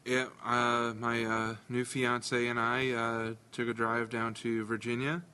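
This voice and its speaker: A man co-hosting a casual podcast chat, dry and hesitant, pausing with many fillers. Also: medium pitch, completely flat delivery, sharp tone, clean tone. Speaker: podcast co-host.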